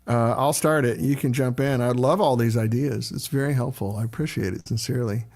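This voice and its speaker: Relaxed chatty man hosting a livestream. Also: medium pitch, brisk, vocal fry. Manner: relaxed, rambling, greets viewers by name. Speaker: livestream host answering viewer questions. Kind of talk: casual livestream chat.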